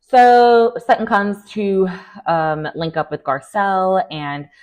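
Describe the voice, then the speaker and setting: A woman's voice: medium pitch, expressive, takes it slowly, darkish tone. A woman giving a casual, sassy recap of a reality show, blunt and opinionated, with fillers and laughter.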